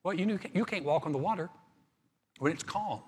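A man preaching a sermon as pastor, reading scripture and then explaining it in a relaxed, conversational way with touches of humor. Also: high voice, normal speed, breathy edge, big-room sound.

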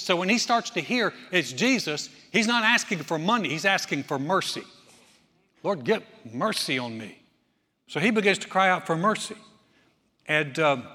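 A man preaching a sermon, animated, acting out scenes with loud cries and asides. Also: on the high side. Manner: animated, acts out voices with shouts. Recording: echoey hall.

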